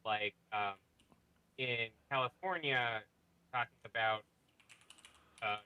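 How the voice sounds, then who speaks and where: A man from Oregon chatting with gaming friends over voice call, explaining things in a halting, rambling way with many fillers. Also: mid-range voice, smooth, no echo, narrow, tinny audio. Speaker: player in a gaming group.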